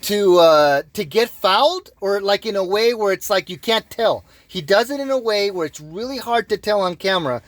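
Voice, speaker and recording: Excitable high-voiced young man. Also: dry recording. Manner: gushing, excitable fan talk, drawn-out exclamations. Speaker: co-host. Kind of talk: casual sports podcast chat.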